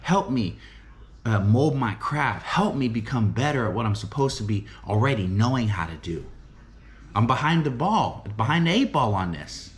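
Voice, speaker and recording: A man's voice: medium pitch, big pitch swings, moderate pace. A middle-aged man giving an earnest, emphatic motivational talk about faith and recovery, often repeating phrases and asking "right?". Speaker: recovery home director and preacher.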